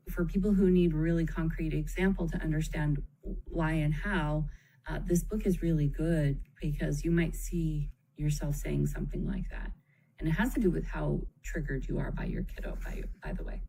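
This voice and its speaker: A woman parenting educator teaches in a live video, her low voice animated and creaky at normal speed. She talks conversationally, frequently checking in with "okay?", and uses warm, empathetic phrasing, calling children "kiddo". There's slight background noise and the recording is low quality.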